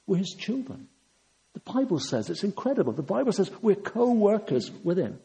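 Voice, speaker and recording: A man's voice: a little high, mellow, poor audio. An older man preaching a sermon, earnest and emphatic, driving his points home with repetition.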